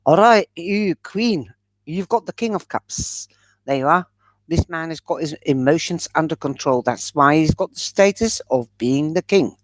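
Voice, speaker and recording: A woman's voice: sits low, expressive, moderate pace, dry recording. A woman giving a chatty live-stream tarot reading, calling viewers by pet names. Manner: chatty, showers viewers with endearments. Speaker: tarot reader.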